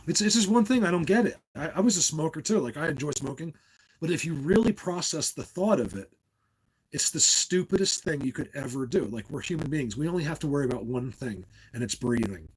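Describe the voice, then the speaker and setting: Husky, rambling middle-aged man. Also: on the high side, expressive, fairly quick, poor audio. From New Jersey. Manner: rambling, tangent-hopping, laughs often. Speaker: livestream host. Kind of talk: casual live-stream chat with viewers.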